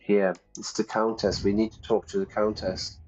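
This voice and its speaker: Man host, slightly low voice, playful game chatter, muffled sound. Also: little pitch movement, normal speed, a little mellow, faint music behind. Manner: chatty, playful, thinks aloud. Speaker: teacher playing a game for learners. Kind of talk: casual game commentary.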